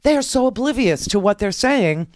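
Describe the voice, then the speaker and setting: A middle-aged woman hosts a talk radio show, talking in a sarcastic, restless ramble. Her pitch leaps up and down as she riffs. The recording is dry and close, with no room sound. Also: normal speed, no echo. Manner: animated, sarcastic, rambling with many restarts. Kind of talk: talk radio political commentary.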